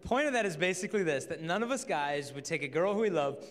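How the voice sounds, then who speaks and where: A man in his twenties tells lively, joking stories to an audience. His voice sits fairly high. A long reverb trails every line through the large hall. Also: quick pace, slight background noise. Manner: lively, jokey, acts out quoted people. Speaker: speaker on chastity and dating. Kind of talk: humorous storytelling talk to an audience.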